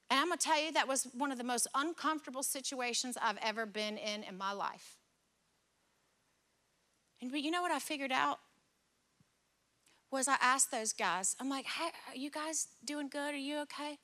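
A middle-aged woman pastor preaching a sermon, telling a personal story with lively, acted-out dialogue. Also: high voice. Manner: animated, acts out dialogue in stories. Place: church service.

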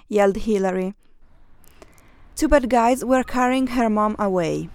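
A woman reading a children's story aloud, doing lively voices for the characters. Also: on the high side, a little slow, no echo, studio quality. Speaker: story reader.

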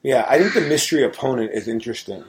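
A middle-aged woman with a remarkably deep voice runs a relaxed podcast panel. She keeps things moving by calling on each guest for their opinion. A faint hiss sits under her. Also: fast talker. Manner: leads the panel, prompting each guest for picks. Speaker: podcast host. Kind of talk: casual chat.

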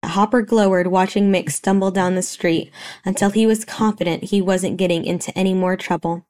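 A woman narrating a romance story in a steady, even reading voice. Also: medium pitch, normal speed.

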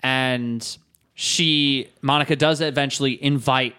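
A man's voice: medium pitch, steady tone, slow, sharp tone, smooth. A man co-hosting a casual comedy podcast, reviewing a movie with friends, joking and laughing often. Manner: jokey, laughs often, acts out quotes. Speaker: podcast co-host.

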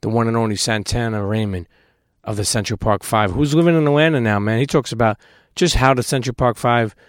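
A man hosting a live podcast in front of an audience, telling rambling, animated, profane stories and taking questions. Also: mid-range voice, a little fast. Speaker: host. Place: live event space with audience.

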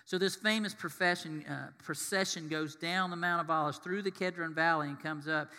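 Bright-voiced man preaching in a reverberant hall. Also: a little high, moderate pace. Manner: animated storytelling, acting out voices. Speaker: pastor. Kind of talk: sermon.

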